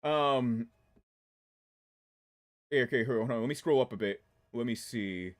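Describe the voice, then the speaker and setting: A man in his twenties from the Washington DC area, with an accent that blends DC-area and New York sounds, reads chat during a casual game stream. His mid-range voice moves at a measured pace. He's chatty and rambling, laughing often.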